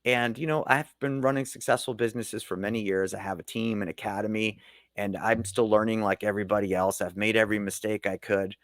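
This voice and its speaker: A man's voice: fairly low pitch, steady tone, brisk, a bit bright, no echo, clean studio sound. A middle-aged man, a leadership coach, speaking earnestly and motivationally in a podcast interview.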